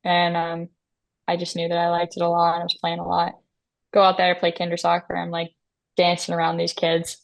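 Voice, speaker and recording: Woman, podcast co-host, low voice, gravelly fry, rambling casual talk. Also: monotone, a little fast. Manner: rambling, fills with "like". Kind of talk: casual chat.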